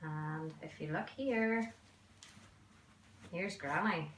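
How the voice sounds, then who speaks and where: Gentle woman reading to children. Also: on the low side, extremely slow, a little hiss or hum. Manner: gentle and expressive. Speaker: preschool teacher. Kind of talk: reading a storybook aloud to children. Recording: roomy echo.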